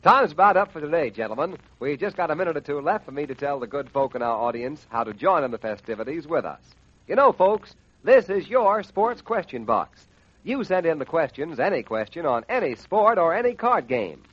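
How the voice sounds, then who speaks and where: A man announcing on a radio show, reading a brisk hard-sell advertisement, on a dull lo-fi 1940s radio recording. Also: a little high, very animated, breathy edge, no room sound. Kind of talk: radio ad read.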